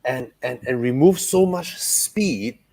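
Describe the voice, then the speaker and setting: A man, chatting casually and excitedly describing driving, with sound effects. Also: medium pitch, takes it slowly. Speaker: panelist. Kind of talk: casual chat.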